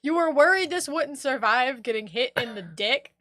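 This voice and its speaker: Bright-voiced woman reading news with asides. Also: high-pitched, lively intonation, moderate pace, no echo. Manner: reads news aloud with laughing asides. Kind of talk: casual podcast chat.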